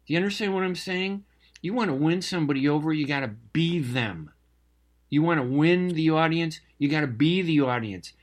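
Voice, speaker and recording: A man's voice: on the high side, expressive, normal speed. An older man, a journalist, speaking in an opinionated monologue, passionate and emphatic, with repetition, frequent fillers and restarts. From Palestinian family.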